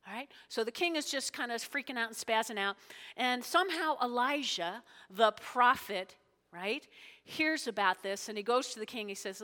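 Woman pastor, lively storyteller with asides, bright high voice, echoey hall. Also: moderate pace. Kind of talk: sermon, retelling a Bible story.

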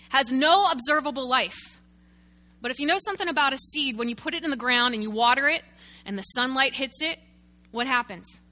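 A woman pastor preaches with animation, her voice high and very bright. She repeatedly calls out to the congregation and pulls them in with questions, speaking in a lively, direct way and using a prop.

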